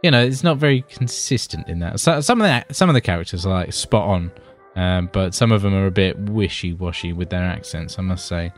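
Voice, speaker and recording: A man's voice: sits low, expressive, brisk, hardly any pauses. A British man co-hosting a podcast in casual chat. He rambles and swears, keeps calling his co-host buddy, and has faint music behind him.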